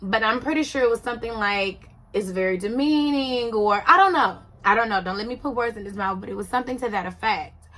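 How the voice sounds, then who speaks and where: A woman speaks in a chatty commentary vlog, her voice sitting a little above the usual pitch. She talks emphatically and conversationally, often circling back to check that the listener is following along. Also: fast talker, sharp tone. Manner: conversational, emphatic, often asks "you see what I'm saying". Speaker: reality TV commentator.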